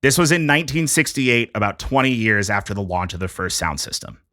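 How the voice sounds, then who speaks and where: A man's voice: fairly low pitch, brisk, bright, forceful tone, no room sound, clean studio sound. A man hosting a casual podcast, presenting a music history topic from prepared notes in a jokey, conversational way.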